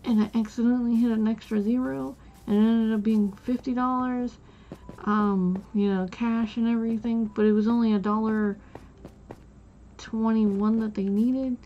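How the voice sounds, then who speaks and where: A woman's voice: on the high side, steady tone, moderate pace, highs cut off. A woman streamer chatting casually while playing a game, telling a rambling story full of "like" and restarts.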